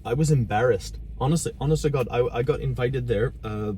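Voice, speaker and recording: A man's voice: mid-range voice, brisk, warm tone, slight background noise. A man talking in a casual sit-down conversation, blunt and ranting, swearing freely. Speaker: volunteer driver and channel host.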